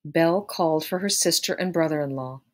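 Woman narrating a story, low pitched, steady expressive reading. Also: a little fast. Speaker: audiobook narrator. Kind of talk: read-aloud narration of a story.

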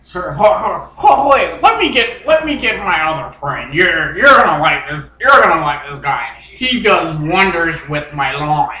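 A man cracks up through an improvised comedy sketch, halting and giggly. His voice is high and bright, and he speaks slowly. The room echoes, and he sits far from the mic. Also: very animated.

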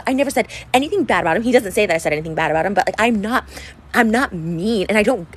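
A woman's voice: mid-range voice, animated, very fast, breathy edge, rough recording. Rambling woman talking into her phone. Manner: rambling, heavy use of "like", frequent restarts. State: crying. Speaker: TikTok creator. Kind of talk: emotional personal vlog.

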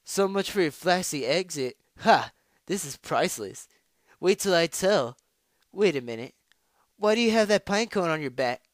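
A man voicing a smug, brash female pegasus who mocks loudly. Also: on the high side, animated, normal speed, no room sound, studio quality, pitched above the performer's own voice, close to an everyday voice. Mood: gloating. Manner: mocking, loud.

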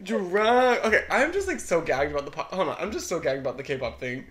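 A young woman co-hosting a casual podcast chat, giggly and breaking into loud laughter as she tells stories. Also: low voice, huge pitch swings, fast talker. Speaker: podcast co-host.

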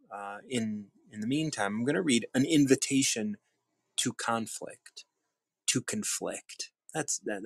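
A man hosting a daily reading show, reflecting aloud in a musing, unhurried way with some restarts. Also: mid-range voice, no echo. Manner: musing, unhurried, with restarts and shifts into soft tones. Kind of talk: reflective reading and casual talk.

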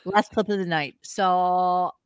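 A man's voice: sits high, fairly even intonation, slow, smooth, no room sound, studio quality. Wisecracking male podcast co-host. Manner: crude, wisecracking. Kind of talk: casual commentary chat.

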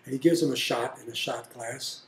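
An older man telling family stories in an interview, blunt and animated. His voice sits at a medium pitch and rings in a roomy, echoey space. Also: a little fast. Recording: roomy echo.

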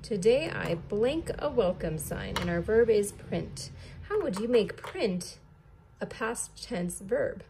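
A woman's voice: medium pitch, lively intonation, slow pace, gravelly, dark tone, slight background noise. A woman teacher leading a recorded distance-learning lesson, patiently spelling words letter by letter.

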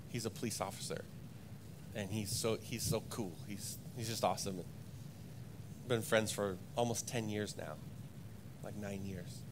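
A young adult pastor giving a sermon in church, moving between loud, emphatic preaching and quiet, halting personal stories. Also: male voice, lowish voice, background noise. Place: church sanctuary.

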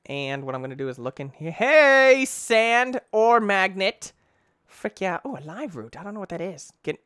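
A young man giving excitable let's play commentary, talking to himself, exclaiming and using mild cursing substitutes. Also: mid-range voice, no echo, studio quality. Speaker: gaming YouTuber.

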